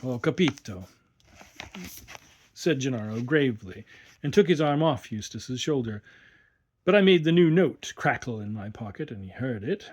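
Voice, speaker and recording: A man narrating a story in a measured, expressive reading. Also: medium pitch, husky. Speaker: reader.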